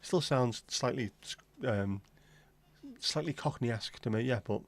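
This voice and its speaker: A man's voice: medium pitch, measured pace. A man hosting a casual livestream chat, rambling and joking with frequent swearing. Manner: rambling, jokey and sweary, slips into silly voices. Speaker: livestream host.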